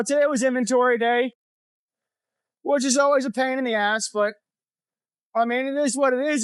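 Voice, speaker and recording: A man with a very high voice and a smooth, clear tone talks straight to the camera from his motorcycle. His stories are blunt and full of swearing, told in a loose, casual vlog style. The sound is close and dry, with almost no room around it. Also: fairly bright tone, no room sound. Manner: blunt, profane storytelling. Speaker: motorcycle vlogger. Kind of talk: casual vlog talk while riding. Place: on a motorcycle on the road.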